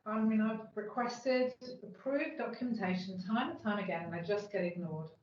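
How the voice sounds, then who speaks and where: A woman's voice: mid-range voice, normal speed, lightly acted. A woman playing a strict, bureaucratic PMO manager who complains indignantly about missing paperwork, in an amateur workplace role-play over a video call. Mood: exasperated. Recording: echoey room, dull lo-fi sound, faint noise.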